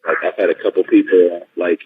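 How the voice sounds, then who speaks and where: A man talking as a guest on an interview podcast, rambling excitedly and stringing his stories together with lots of fillers. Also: deep voice, brisk, a little hiss or hum. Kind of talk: casual interview chat. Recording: tinny phone-like line.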